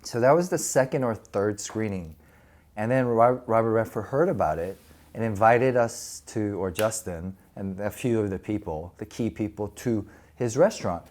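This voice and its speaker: A man in his forties telling stories casually in a podcast interview, animated and laughing often as he acts out quoted voices. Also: fairly low pitch, moderate pace. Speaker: actor and podcast host.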